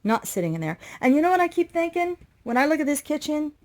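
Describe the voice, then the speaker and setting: A woman's voice: high voice, big pitch swings, fast, slight background noise. A woman giving a casual, rambling walkthrough vlog inside an old motorhome, sounding stressed and overwhelmed as she talks straight to her viewers. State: overwhelmed and anxious. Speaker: vlogger renovating an old RV.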